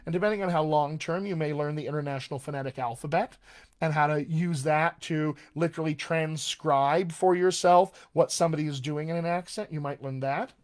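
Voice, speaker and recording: A man's voice: on the high side, fairly even intonation, a little fast, a little mellow. A man working as a dialect coach, talking casually on a live-streamed Q&A, chatty with many fillers and restarts.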